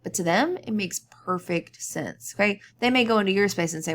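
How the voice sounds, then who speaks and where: A woman's voice: on the low side, animated, fairly quick, few pauses, slight background noise. A woman teacher giving a conversational recorded lecture over slides, often checking in with "okay?".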